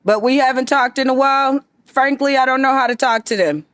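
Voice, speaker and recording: A woman's voice: sits high, brisk, fairly bright tone, no room sound, clean studio sound. A woman giving an emphatic, confrontational monologue straight to her viewers. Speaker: vlogger addressing viewers. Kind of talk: direct-to-camera monologue.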